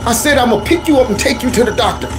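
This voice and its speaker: A man's voice: extremely high pitch, animated, fast talker, music in the background, voice pushed up. A man voicing his stern mother as she scolds her son. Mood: scolding. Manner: sharp, scolding.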